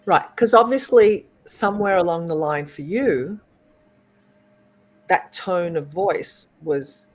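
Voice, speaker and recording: A woman's voice: lowish voice, slow pace. A woman hosting a podcast, supportive and asking probing follow-up questions. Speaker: podcast host. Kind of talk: casual interview conversation.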